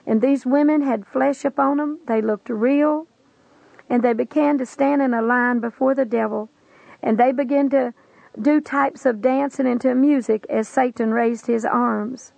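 Woman preacher, solemn testimony delivery, slightly high gravelly voice. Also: fairly even intonation, a little slow, darkish tone, dry recording, poor audio. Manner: solemn, earnest storytelling with old-fashioned scriptural wording. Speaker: preacher recounting a vision. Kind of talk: testimony sermon.

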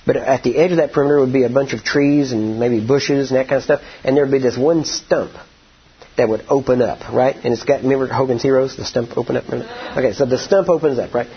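A man preaching a sermon, telling a story in a folksy, drawn-out way and rising to emphatic declarations. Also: medium pitch, muffled recording, a little hiss or hum.

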